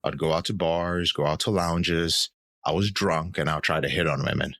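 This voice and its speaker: A man's voice: extremely low pitch, fairly even intonation, moderate pace, vocal fry, fairly bright tone, dry recording. A man in his thirties, a podcast guest, telling his personal story in an earnest, reflective way. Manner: earnest, reflective, acts out quoted voices.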